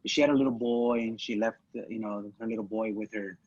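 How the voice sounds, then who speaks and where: A man's voice: lowish voice, steady tone, fast, darkish tone, muffled recording. A man co-hosting a podcast, telling a rambling story in casual chat, with lots of "you know" and "right?". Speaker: podcast co-host.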